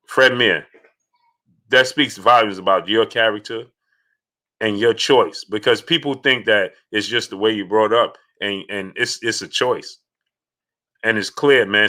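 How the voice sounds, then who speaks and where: A man hosting a casual live stream, halting with many fillers and pauses as he reads viewer messages. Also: lowish voice. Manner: halting, many fillers, bursts of excited yelling at a game. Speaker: live stream host reading super chats.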